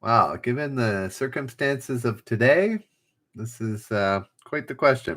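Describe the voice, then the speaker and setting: A man's voice: medium pitch, animated, measured pace, fairly bright tone. A man hosting a casual trivia livestream, reading each clue twice and joking with the chat. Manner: chatty, reads clues twice, jokes with chat.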